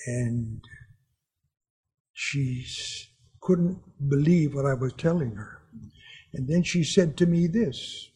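A man's voice: medium pitch, takes it slowly, pauses often, dark tone, husky. A man preaching a sermon to his congregation, telling personal stories in an earnest way and chuckling at his own anecdotes.

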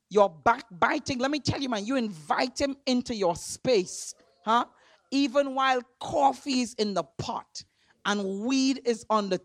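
A woman preaching an impassioned sermon, building to fervent shouted refrains and repeating her words for emphasis. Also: high voice, dry recording.

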